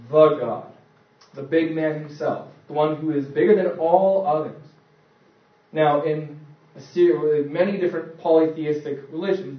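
A man preaching a sermon as pastor, telling the story casually and acting out voices. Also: on the high side. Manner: conversational storytelling, acts out voices. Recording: echoey, distant, dull church recording.

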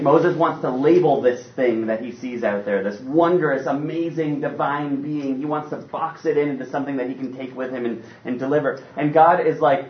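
A man's voice: medium pitch, slight background noise. Man preaching in a roomy hall. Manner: animated, conversational preaching with playful asides. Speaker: pastor. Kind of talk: sermon. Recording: roomy, distant, dull sound.

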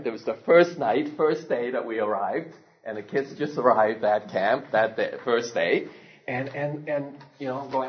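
A male pastor telling a story in a sermon, animated, laughing often and asking his listeners questions, in a dull lo-fi recording. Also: medium pitch.

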